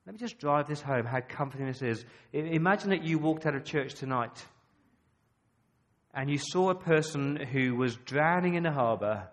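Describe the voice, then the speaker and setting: An Australian man preaching a sermon, emphatic and full of rhetorical questions, with dramatic pauses. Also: a little high, lively intonation.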